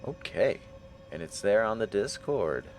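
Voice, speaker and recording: A man's voice: fairly low pitch, very animated, measured pace, soft background music. A man streaming a game live, joking with his chat, swearing at misses and reading item text aloud. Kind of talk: live gameplay commentary.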